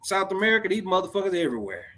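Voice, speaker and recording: A man's voice: sits high, big pitch swings, very fast, fairly bright tone. A man in a casual podcast chat, stammering on repeated words and talking with emphatic slang.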